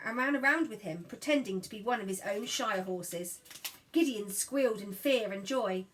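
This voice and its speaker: Woman, audiobook narrator, fairly high pitch, expressive storytelling. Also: poor audio. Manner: lively character voices in dialogue. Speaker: audiobook reader. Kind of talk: scripted narration.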